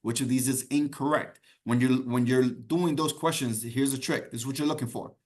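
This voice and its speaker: A man's voice: mid-range voice, fairly even intonation, normal speed, darkish tone. A man teaching an exam prep class in a conversational, encouraging way, repeating key points and checking in with "okay?". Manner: repetitive, keeps checking in with "okay?". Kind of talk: live online class teaching.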